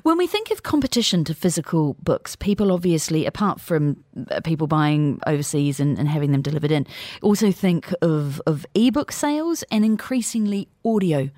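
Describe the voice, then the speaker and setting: A woman presenting business news, chatting briskly and interviewing a guest in a conversational, opinionated way. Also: sits low, very animated, darkish tone, dry recording, studio quality.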